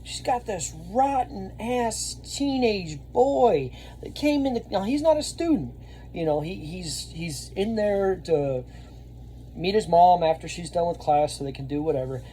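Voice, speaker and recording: A man, telling a rambling story to camera and getting louder when he acts out scenes. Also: high-pitched, unhurried, a little hiss or hum. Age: 30s. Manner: rambling, animated, laughs often, shouts when reenacting. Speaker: vlogger and Army veteran.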